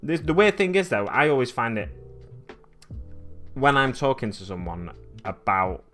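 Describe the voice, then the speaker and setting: A man's voice: mid-range voice, very animated, unhurried, fairly bright tone, soft background music. A young man with a Lancashire accent, chatting casually to viewers on a live stream and often correcting himself as he rambles. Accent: Lancashire English. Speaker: live-stream host painting miniatures.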